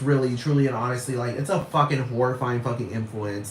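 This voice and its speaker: A man's voice: mid-range voice, steady tone, fairly quick, fairly bright tone, a little hiss or hum. A man giving a blunt, heated, profane rant as a vlogger, repeating his points. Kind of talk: profane ranting monologue. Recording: echoey room.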